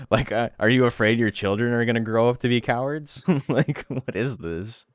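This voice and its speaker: A man's voice: mid-range voice, animated, moderate pace, no room sound. A young man streaming a game, ranting sarcastically in casual chat, swearing and laughing often.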